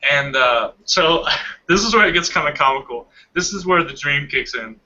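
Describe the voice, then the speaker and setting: A man's voice: a little high, lively intonation, moderate pace, sharp tone, muffled recording. A young man in casual chat, animatedly telling a long dream story and laughing often. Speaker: hangout participant.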